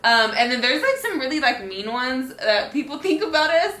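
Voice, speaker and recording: A woman's voice: high voice, sing-song, moderate pace, bright, forceful tone. A young woman co-hosting a casual couple vlog, giggly and teasing as she chats. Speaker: vlog co-host. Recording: echoey room.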